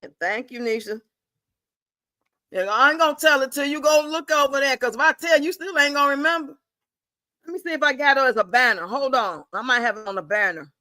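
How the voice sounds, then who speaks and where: A woman's voice: high-pitched, fairly quick, pushed and bright, dry recording. A woman hosting a casual livestream, blunt and profane, chatting and reading out viewer comments. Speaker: livestream host.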